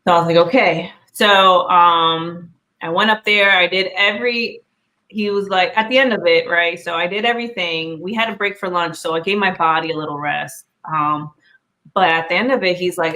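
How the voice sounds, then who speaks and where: A woman's voice: on the low side, moderate pace, bright, forceful tone. A woman hosting a casual podcast, talking candidly and with self-deprecating humor. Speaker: podcast host.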